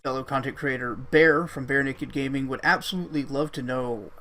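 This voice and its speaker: A man co-hosting a podcast interview, relaxed as he asks a question. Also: mid-range voice, a little fast, slight background noise. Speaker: podcast co-host.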